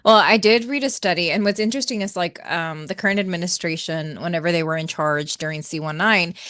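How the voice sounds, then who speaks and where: Earnest lowish-voiced woman explaining. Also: a little fast, fairly bright tone, no room sound, studio quality. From United States. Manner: earnest, explanatory, many fillers. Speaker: panelist. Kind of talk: casual political debate.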